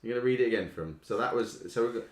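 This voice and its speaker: Playful man hosting a home quiz, echoey. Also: medium pitch. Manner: playful, reads lyrics in a slow dramatic sing-song. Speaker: quiz host. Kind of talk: live online quiz banter. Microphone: desk microphone. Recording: echoey room.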